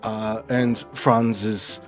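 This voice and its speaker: A man's voice: lowish voice, little pitch movement, very slow, soft background music. A man narrating as game master of a tabletop game, in casual, filler-heavy speech.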